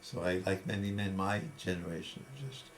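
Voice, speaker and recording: A man's voice: low-pitched, brisk, a little hiss or hum. A man in his eighties, interviewed, telling personal stories in a reflective, conversational way. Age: 80s. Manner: conversational, reflective, with frequent restarts. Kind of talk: casual storytelling.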